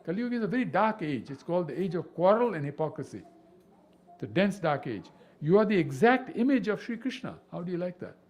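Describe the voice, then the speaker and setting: A man teaching a devotional scripture class, animated and full of rhetorical questions. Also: high voice, fast. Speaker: spiritual teacher.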